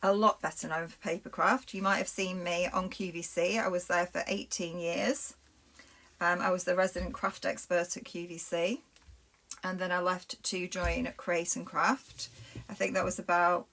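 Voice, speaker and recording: A woman's voice: lowish voice, fairly bright tone. A middle-aged woman with a Lancashire accent, chatting through a live craft demonstration and talking to viewers as she works. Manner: chatty, rambling, talks to viewers while working with her hands. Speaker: craft presenter.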